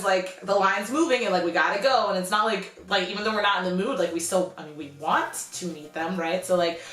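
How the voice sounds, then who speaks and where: A young woman telling a story in a casual vlog, chatty and animated, with "like" in nearly every sentence. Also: on the low side, a little fast, hardly any pauses, echoey room. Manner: chatty, animated, heavy use of "like". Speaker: vlogger.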